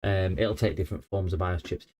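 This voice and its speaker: Man, repair livestream host, slightly low mellow voice, rambling, halting delivery. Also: fairly even intonation, slight background noise. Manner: rambling, hesitant, many fillers and restarts. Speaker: electronics repair streamer. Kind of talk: casual livestream chat.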